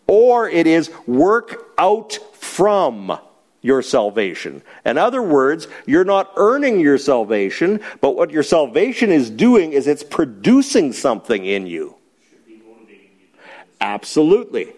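A man's voice: a little high, wildly swooping pitch, slow, a little mellow. A man teaching a Bible class, explaining a passage with emphasis and putting questions to the class.

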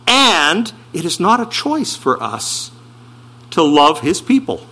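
A pastor delivers his sermon in an unhurried, deliberate way. His voice sits a little high and sounds bright and forceful. He leans on key words and puts rhetorical questions to the congregation. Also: huge pitch swings, creaky, husky. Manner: emphatic preaching with slowed, stressed phrases and rhetorical questions.

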